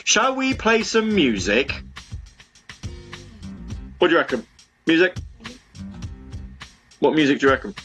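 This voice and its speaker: A man's voice: fairly high pitch, huge pitch swings, unhurried, long pauses, a bit bright. A young man hosts a homemade internet radio show, rambling and poking fun at himself. He is chatty and loose, stumbling through restarts. Faint music plays behind him. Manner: rambling and self-mocking, full of fillers and restarts. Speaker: online radio show host. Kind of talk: casual chat with listeners between songs. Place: home room.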